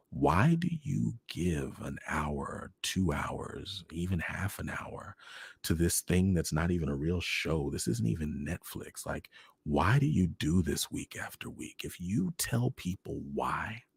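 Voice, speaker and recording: A man hosting his own livestream, talking earnestly and expressively to his viewers and often dropping into hushed, near-whispered phrases. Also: extremely low pitch, vocal fry, breathy edge, no echo. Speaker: host. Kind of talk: heartfelt direct-to-camera livestream talk.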